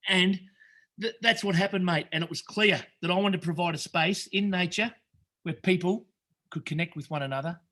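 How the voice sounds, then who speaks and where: His voice is high, bright and forceful, and he keeps a moderate pace as a guest on a podcast. The middle-aged Australian retreat founder pours out his story earnestly, rambling and restarting, cursing often and addressing people as mate.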